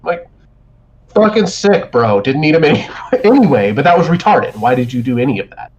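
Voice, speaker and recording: A fairly high-pitched, very animated co-host talks fairly quickly as he rambles through a lengthy profane story on a podcast, restarting often. It's casual chat in dull, lo-fi stream quality.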